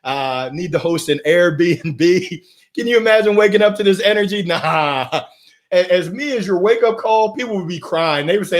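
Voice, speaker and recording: A man's voice: high voice, lively intonation, unhurried, fairly bright tone. A man hosting a live motivational stream, greeting viewers by name with exuberant energy and frequent laughter. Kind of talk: lively live-stream chat reading comments.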